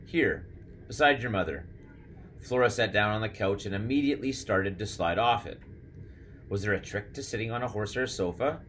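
A male narrator reads a storybook in a steady, measured way. His voice sits on the low side, and a faint noise lies behind it. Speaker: audiobook narrator. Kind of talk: scripted narration.

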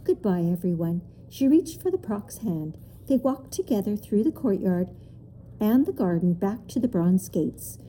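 Woman, storybook narration, expressive, unhurried, mellow tone, faint background noise. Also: mid-range voice, poor audio. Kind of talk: storybook reading aloud.

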